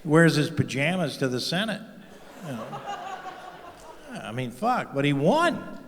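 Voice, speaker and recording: A man's voice: a little high, sing-song, measured pace, creaky, slight background noise. A middle-aged man doing a crude, profane stand-up comedy set on stage, mocking and punching up each line. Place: large comedy venue with live audience. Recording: live stage mix with hall reverb.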